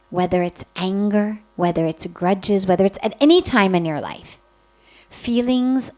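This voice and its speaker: A woman spiritual teacher giving a calm, reflective spiritual talk, speaking gently with many pauses. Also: medium pitch, low-quality recording.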